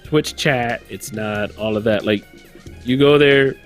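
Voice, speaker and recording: A man's voice: mid-range voice, takes it slowly, faint music behind. Rambling male podcast co-host. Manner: rambling, stops to search for words. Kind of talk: casual podcast chat.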